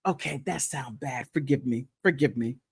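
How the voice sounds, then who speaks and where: A woman hosting a casual livestream, chatting playfully and thanking viewers, with high laughs and quiet, sincere asides. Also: normal speed, gravelly, breathy edge, no echo, studio quality. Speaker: content creator hosting a livestream. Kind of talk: casual livestream chat reacting to gossip and viewer comments.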